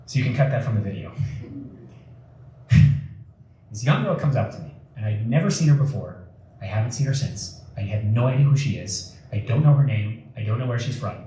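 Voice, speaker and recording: The speaker is a young man with a mid-range, mellow voice, animated and brisk, telling a joking story to an audience at a community event. Fillers abound, and the community center hall recording is echoey, with the mic far away and a faint noise.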